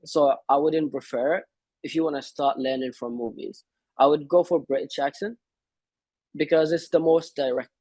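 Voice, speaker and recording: Husky-voiced hesitant male guest. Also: a little high, steady tone, moderate pace, darkish tone, no room sound. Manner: hesitant, many fillers and restarts. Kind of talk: casual conversation.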